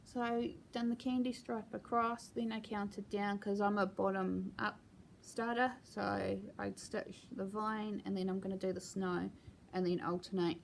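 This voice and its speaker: A woman chatting casually at home as she shows her cross-stitch projects, talking in a relaxed way with plenty of ums and asides. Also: medium pitch, a little slow, gravelly, few pauses, slight background noise. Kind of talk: casual show-and-tell chat.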